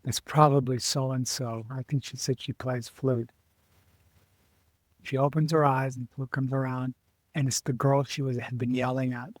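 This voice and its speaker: On a relaxed interview show, a middle-aged adventurer and author tells animated stories, imitating the voices of the people he quotes and restarting his sentences in a halting way. His pitch is medium and there is no echo.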